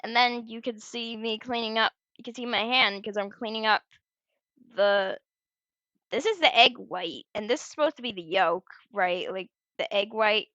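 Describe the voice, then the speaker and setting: A woman's voice: a little high, moderate pace, fairly bright tone, no room sound. A woman chattily explaining her fan storyboard, giggly and full of restarts, on a dull lo-fi recording.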